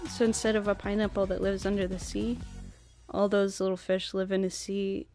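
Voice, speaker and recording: A woman's voice: medium pitch, level tone, moderate pace, mellow, soft background music. A young woman streaming, chatting casually with her viewers, rambling and laughing often.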